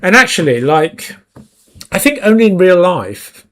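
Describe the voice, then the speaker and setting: A man's voice: high voice, big pitch swings, measured pace, fairly bright tone. A man hosting a live stream, chatting casually and jokingly with viewers while he works, laughing often. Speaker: 3D art stream host.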